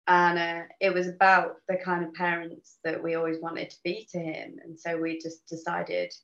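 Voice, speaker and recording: Woman from New Zealand, guest, animated storyteller; roomy, dull remote audio. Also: on the low side, moderate pace, vocal fry. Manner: animated storyteller, laughs often. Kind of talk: casual chat. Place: home.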